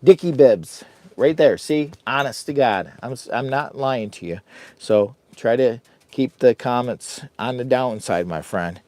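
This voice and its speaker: A man with an everyday middle-pitched voice rambles through a casual camping vlog. He is goofy and self-mocking, talking straight to his viewers while he works around his tent. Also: measured pace, a little mellow, no echo. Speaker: vlogger.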